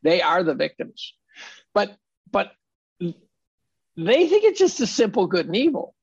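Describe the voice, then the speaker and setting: Gravelly, husky man arguing emphatically. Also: high-pitched, wildly swooping pitch, slow pace, darkish tone, dry recording, lo-fi sound. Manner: emphatic, argumentative. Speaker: podcast guest. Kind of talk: casual conversation.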